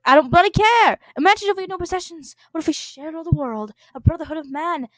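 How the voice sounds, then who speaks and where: A woman voicing a brash, angry young man who yells crude insults during a brawl in a text game. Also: extremely high pitch, quick pace, no echo, voice pushed up. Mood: furious. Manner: yelling, heated, crude.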